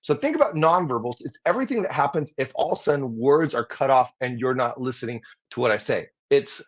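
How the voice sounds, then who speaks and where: A man coaching on public speaking during a livestream, lively, acting out example replies as he teaches. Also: mid-range voice, a little fast. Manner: energetic, demonstrates tones and acts out example replies. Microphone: livestream mic. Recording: slightly dull lo-fi audio.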